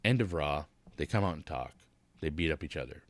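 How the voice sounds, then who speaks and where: A man's voice: rumbling low, lively intonation, brisk, no room sound. A man giving a casual, blunt wrestling recap, talking in a rambling, profane rant. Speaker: wrestling vlogger.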